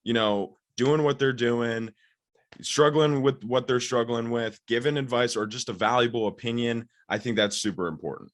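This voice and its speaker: A young man, a social media expert, explaining his ideas eagerly in a casual interview over a call, with many fillers. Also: medium pitch. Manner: eager, fast, filler-heavy.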